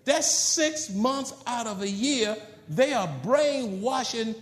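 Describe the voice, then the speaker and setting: A man preaching a sermon, swinging from loud calls to low asides. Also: slow, reverberant. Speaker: pastor.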